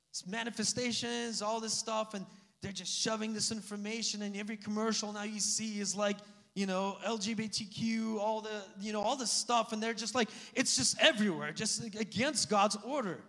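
Male pastor, high-pitched, chatty animated preaching, hall reverb. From Slavic family background. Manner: animated, conversational preaching with asides and laughs. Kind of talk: sermon.

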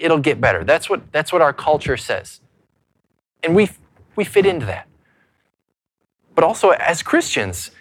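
A man pastor preaching a sermon earnestly, repeating words as he goes and dropping to hushed lows between loud points. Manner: frequent repeated words and restarts.

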